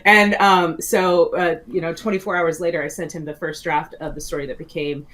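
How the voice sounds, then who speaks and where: A woman's voice: lowish voice, fairly even intonation, a little fast, a bit bright. A woman in her forties, a guest author in a casual interview, telling stories in a rambling way with many fillers and restarts and frequent laughs.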